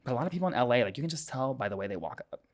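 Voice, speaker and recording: Fast, campy gay man chatting. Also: mid-range voice. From Miami. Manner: campy, animated, quotes people in sassy voices. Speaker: podcast co-host. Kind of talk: casual chat.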